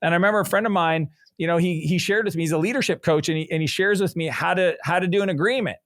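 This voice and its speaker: A middle-aged man speaking as a business coach in a conversational interview, an energetic storyteller who jumps into animated quoting of others. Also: high-pitched, fast, no room sound, studio quality.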